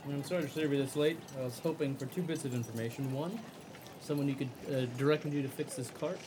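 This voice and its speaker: A man's voice: medium pitch, fast. Polite man player over background noise. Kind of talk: in-character tabletop play.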